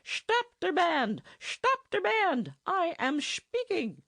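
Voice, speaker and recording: Woman doing a shouting German bandsman. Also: lowish voice, very animated, measured pace, dry recording, clean studio sound. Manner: shouting over noise. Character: loud shouting German band member, man. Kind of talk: audiobook character voice.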